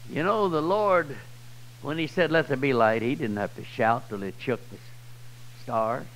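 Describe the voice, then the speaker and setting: A man with a Southern US accent preaching a sermon, swinging from loud, high cries to low, quiet passages. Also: sing-song, unhurried, a little hiss or hum, poor audio. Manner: swells loud and high then drops low and soft. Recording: old 1990s church tape.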